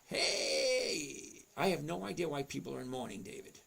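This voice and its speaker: Gravelly chatty man hosting a stream. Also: a little high, very animated, moderate pace, few pauses, a bit bright. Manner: chatty, reads chat names aloud, talks to himself over charts. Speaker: livestream host answering chat. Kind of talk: casual livestream chat.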